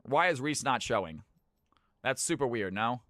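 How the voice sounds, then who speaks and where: A man from California hosting his stream's viewer games, chatting casually with his viewers, brisk and swearing freely. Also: medium pitch, expressive, sharp tone, no echo. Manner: brisk, swears, talks to chat. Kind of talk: casual live-stream chat.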